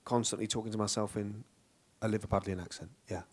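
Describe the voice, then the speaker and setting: An actor speaking in a casual onstage Q&A, chatty and self-deprecating, often breaking into laughter. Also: male voice, lowish voice, fairly even intonation, fast talker. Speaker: actor guest on a panel.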